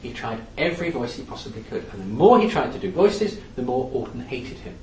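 A man giving a lively, anecdotal talk in a lecture-style storytelling manner. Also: mid-range voice, fairly quick. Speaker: speaker on theatre history. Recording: echoey room from some distance, faint background noise.

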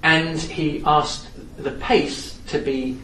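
A man giving a lively, anecdotal talk in a lecture-style storytelling manner. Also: a little high, takes it slowly. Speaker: speaker on theatre history. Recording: echoey room from some distance, faint background noise.

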